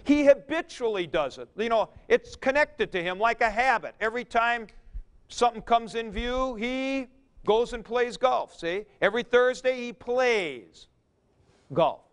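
A middle-aged man lecturing on grammar with a high, smooth, resonant voice. He talks slowly and deliberately, folksy and emphatic, building his points from everyday examples. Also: animated. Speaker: teacher.

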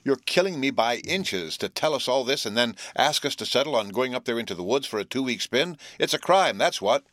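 A man's voice: mid-range voice, expressive, brisk, fairly bright tone, no echo, voice pushed up, lightly acted. A man voicing an impatient teenage boy who grumbles and complains.

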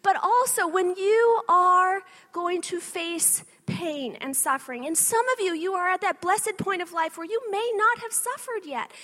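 A woman with a very high, bright voice speaks to a live audience. She gives a faith-based motivational talk, telling animated personal stories and often stopping to ask "okay?". She sounds like she is in her thirties. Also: a little slow, few pauses. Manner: animated storytelling with frequent "okay?" asides.

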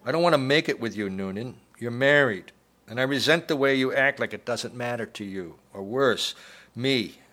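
A man's voice: medium pitch, moderate pace, bright, forceful tone, lightly acted. A man voicing a young, wary woman bartender who speaks firmly but uneasily.

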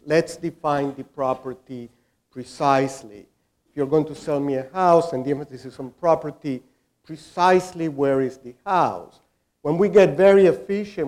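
A man's voice: a little high, darkish tone. A man speaking as a panelist in a discussion, explaining his point with everyday examples.

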